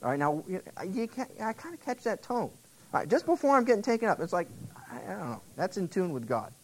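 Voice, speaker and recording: A male pastor working through scripture in a chatty, animated way, with plenty of asides to his listeners. His pitch swings widely as he talks. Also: fast talker, slight background noise, low-quality recording. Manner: conversational, animated, asides to the congregation. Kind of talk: expository sermon.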